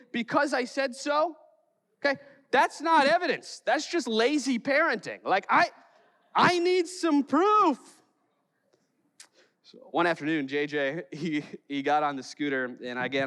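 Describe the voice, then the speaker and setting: A man from Chicago preaches in a church, spinning stories with jokes and putting on voices for the people in them. His voice sits a bit high. Long reverb from the large hall trails after his words. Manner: lively storytelling with jokes and acted quotes. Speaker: pastor. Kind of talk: sermon. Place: church sanctuary.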